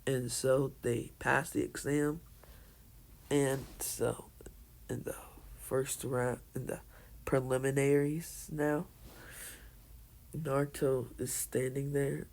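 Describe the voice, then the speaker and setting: Slow, gravelly male storyteller. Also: mid-range voice, level tone, a little mellow. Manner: halting, with restarts and fillers. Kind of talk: casual fan-fiction narration.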